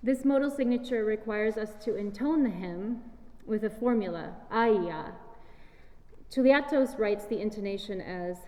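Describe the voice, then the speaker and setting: A woman explains her approach to the music in a measured, scripted lecture, her voice mellow and dark. She speaks in a large hall whose long reverb trails after every phrase. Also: mid-range voice. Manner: measured, explanatory, sings short chant fragments. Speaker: singer and presenter. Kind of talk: scripted lecture-recital talk.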